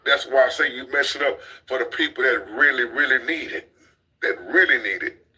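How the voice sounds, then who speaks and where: A man's voice: mid-range voice, a little fast, bright, forceful tone, low-quality recording. A man, talking bluntly in a casual commentary chat, preaching and repeating his points as the host.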